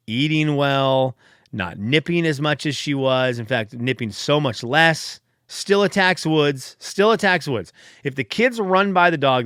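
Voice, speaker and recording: A man's voice: medium pitch, a bit bright, smooth, no room sound, studio quality. A man hosting a solo podcast, chatting casually in a rambling, self-deprecating way, fired up late at night. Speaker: podcast host.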